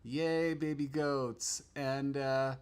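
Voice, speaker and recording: A man's voice: medium pitch, steady tone, very slow, clear, resonant tone. A man hosting a casual livestream from a home studio, chatting loosely, trailing off and restarting his sentences. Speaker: livestream host.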